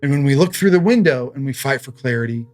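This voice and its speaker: A man's voice: medium pitch, quick pace, darkish tone, no room sound. A man in his thirties preaching a sermon as pastor, in a conversational way, telling stories with humor.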